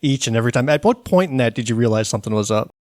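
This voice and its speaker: A man's voice: mid-range voice, lively intonation, racing, darkish tone, dry recording, clean studio sound. A man co-hosting a podcast, telling stories in a wry, casual way. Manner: wry, storytelling. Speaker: podcast co-host. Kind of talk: casual chat.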